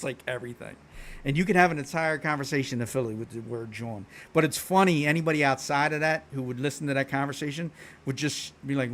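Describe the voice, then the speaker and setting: A man's voice: on the high side, fairly bright tone. A man from Philadelphia with a Philadelphia accent, chatting casually on a stream in a slangy, laid-back way and swearing freely. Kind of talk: casual chat. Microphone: streaming microphone.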